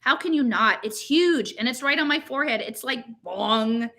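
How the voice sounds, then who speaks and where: Woman voicing a shrill, panicky teen girl. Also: expressive, moderate pace, pushed and bright. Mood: panicked. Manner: shrill, dramatic, valley-girl filler. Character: frantic teenage girl fretting over a blemish.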